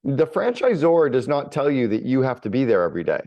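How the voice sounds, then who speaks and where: A man's voice: mid-range voice, very animated, a little fast, dark tone, lo-fi sound. A middle-aged man telling stories bluntly in a casual podcast conversation, with the odd swear word. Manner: blunt, storytelling with mild swearing. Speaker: business coach and author.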